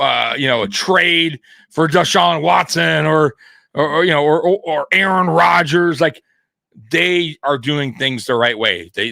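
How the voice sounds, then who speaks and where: A man's voice: a little high, bright, forceful tone, no room sound. A middle-aged man from South Florida co-hosting a live sports show in casual, rambling chat with lots of restarts and laughs. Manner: rambling, laughs often, frequent restarts and fillers. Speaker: sports podcast co-host.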